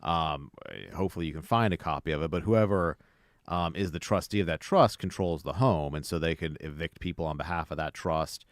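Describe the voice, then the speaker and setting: Deep-voiced, measured attorney guest. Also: male voice, no room sound, clean studio sound. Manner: measured, explanatory. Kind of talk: legal explanation on a talk show. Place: radio studio.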